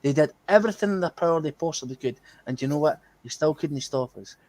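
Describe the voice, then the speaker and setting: A man's voice: fairly high pitch, animated, quick pace, crowd noise. A Scottish man co-hosting a football fan podcast, swearing indignantly and laughing in disbelief. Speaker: podcast co-host. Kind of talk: heated fan podcast discussion.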